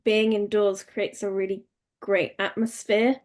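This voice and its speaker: A woman's voice: mid-range voice, little pitch movement, a little slow, darkish tone. A woman co-hosting a casual podcast, chatty and a little hesitant. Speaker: podcast co-host.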